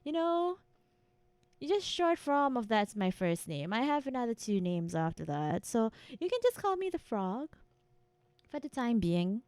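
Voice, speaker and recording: Young woman streamer, playful and giggly, teasing in a mock-sinister persona; higher voice, very lively melody, dry close-mic sound. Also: measured pace, smooth, no room sound. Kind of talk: casual live-stream chat with chat.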